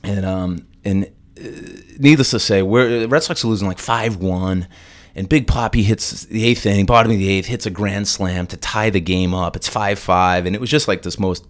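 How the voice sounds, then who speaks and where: A man's voice: on the low side, moderate pace. A man telling a long story as a podcast guest, acting out the quoted lines in a raised voice. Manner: animated, acts out quotes in a raised voice. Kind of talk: casual storytelling.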